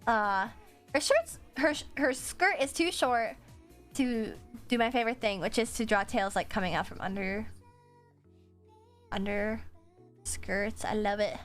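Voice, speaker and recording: Woman streamer with a high voice, loose and swearing, over faint background music. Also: measured pace, pauses often, fairly bright tone. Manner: chatty, swears freely, answers chat, laughs often. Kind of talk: casual stream chat while drawing.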